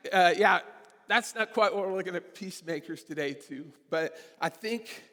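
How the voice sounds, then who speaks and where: A man's voice: sits high, in a large hall. A man preaching a sermon in a church, in a conversational, storytelling way with casual fillers. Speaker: guest preacher. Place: church sanctuary.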